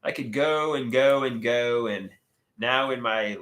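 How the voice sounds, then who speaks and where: A man's voice: mid-range voice, a little slow, fairly bright tone. A man in his thirties hosting a casual live stream, chatting and reading viewer comments aloud, often stammering and restarting. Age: 30s. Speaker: livestream host.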